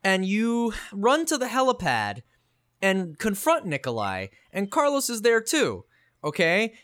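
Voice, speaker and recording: A man with a high, wide-ranging voice co-hosts a casual gaming podcast. His tone is smooth and clear, and he swears freely as he recaps scenes and acts out the characters' lines. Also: wildly swooping pitch, a little slow, fairly bright tone. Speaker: podcast co-host.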